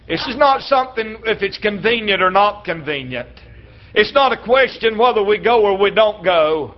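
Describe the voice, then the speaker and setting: A man preaching a sermon in a folksy way, acting out little dialogues and sometimes breaking into shouts. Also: high-pitched, lively intonation, normal speed. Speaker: traveling preacher. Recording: slightly dull lo-fi church recording.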